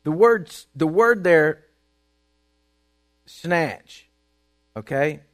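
A man's voice: fairly high pitch, expressive, very slow. A man preaching a sermon in an emphatic, folksy way, repeating his points and reading Bible verses aloud.

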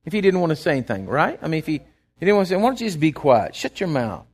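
A man's voice: fairly high pitch, sing-song, fast talker. A man, a pastor preaching a sermon in a conversational way, retelling scripture and often restarting his sentences. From Texas.

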